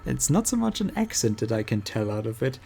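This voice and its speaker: A man with a strong German accent, speaking English as a second language, chats casually while he plays a game. His voice is gravelly and mellow, and he pauses often, feeling around for the right words. The delivery is easygoing and unhurried. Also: mid-range voice, big pitch swings, soft background music. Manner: halting, searching for words. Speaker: streamer. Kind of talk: casual chat while gaming.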